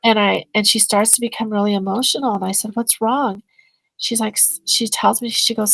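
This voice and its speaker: A woman's voice: mid-range voice, normal speed, gravelly, poor audio. Chatty woman retelling a story. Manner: animated, acts out both sides of conversations. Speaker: guest, energy healing business owner. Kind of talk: casual storytelling in a podcast interview.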